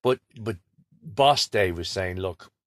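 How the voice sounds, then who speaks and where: A man with a very deep voice tells rambling, casual stories about his work as a bus driver and laughs easily between them. He is recorded close and dry, with no room sound around him. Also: moderate pace, no room sound. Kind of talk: casual anecdotal storytelling.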